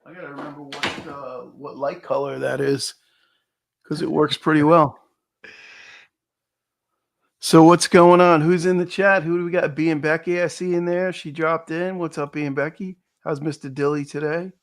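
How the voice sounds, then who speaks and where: A man co-hosts a relaxed livestream, his voice pitched a little higher than most men's. He chats loosely and animatedly, stumbling over fillers as he talks into a desk mic at home. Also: normal speed. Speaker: co-host. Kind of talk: casual livestream chat.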